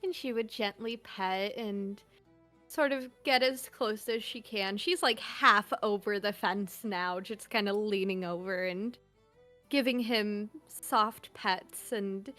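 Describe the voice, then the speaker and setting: A woman's voice: mid-range voice, takes it slowly, pushed and bright, soft background music. A woman player describing her character's actions in a tabletop game, thoughtful with many fillers and laughs.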